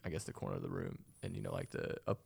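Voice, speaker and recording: A man's voice: deep voice, flat delivery, rapid-fire, creaky, a little mellow, slightly rough. A young man telling a rambling story in casual chat, swearing often and laughing along.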